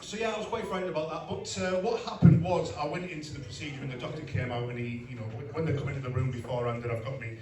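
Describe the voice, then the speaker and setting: On a comedy club stage before a live audience, a middle-aged man delivers a blunt, self-mocking stand-up set with asides to the crowd. His medium-pitched, darkish voice moves quickly with few pauses and fairly even intonation. The roomy club sound is captured from a distance, with crowd laughter.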